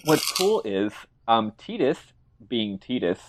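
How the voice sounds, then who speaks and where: A man's voice: mid-range voice, big pitch swings, slow, a little hiss or hum. A man casually recapping a video game as a podcast co-host, rambling and joking.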